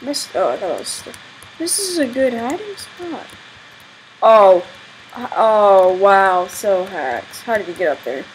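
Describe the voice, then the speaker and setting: A woman's voice: mid-range voice, huge pitch swings, normal speed, a little hiss or hum, rough recording. A young woman giving chatty, exasperated commentary on her own gameplay, exclaiming often. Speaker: gaming channel host.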